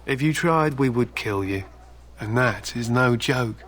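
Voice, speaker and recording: A proud, stern warrior from a video game, played by a man, with a bright, forceful edge to his voice. He speaks solemnly of old legends and turns blunt and threatening without raising his tone. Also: mid-range voice, unhurried, lightly acted. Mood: menacing. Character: stern proud male warrior, hound handler.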